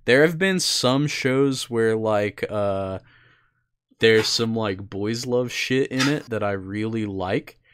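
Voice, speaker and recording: Smooth-voiced young man chatting casually. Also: on the low side, slow, a bit bright. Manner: laid-back, swears casually, rambling with fillers. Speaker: podcast co-host. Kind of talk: casual chat.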